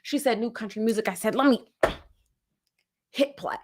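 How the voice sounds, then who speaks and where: A woman from New Jersey hosting a casual pop culture podcast, animated and playful, sometimes slipping into jokey made-up song parodies. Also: a little high, normal speed. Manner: animated, playful, breaks into sung parody bits. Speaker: podcast host.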